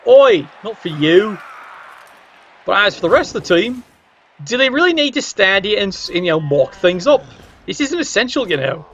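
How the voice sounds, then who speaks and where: A man's voice: sits high, big pitch swings, moderate pace, fairly bright tone, a little hiss or hum. A man giving casual, wry commentary on a video game match and teasing the players. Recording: dull lo-fi recording.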